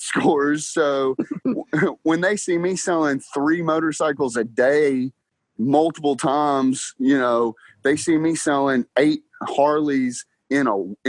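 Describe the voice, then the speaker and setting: With a voice on the high side and no echo, the young man, a car salesman guesting on a podcast, tells lively stories in a casual interview. He plays out the dialogue and laughs frequently.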